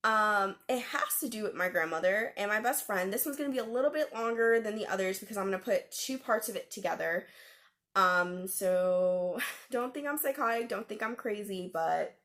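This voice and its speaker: A young woman tells a personal story to the camera in a casual vlog style. She is animated and dramatic, with fillers and quick laughs. Her voice sits in a middle pitch. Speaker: vlogger.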